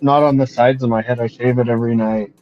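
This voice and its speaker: A man's voice: medium pitch, steady tone, fast talker, dull audio, faint music behind. A man chatting casually in a laid-back way, mostly giving brief replies. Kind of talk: casual chat.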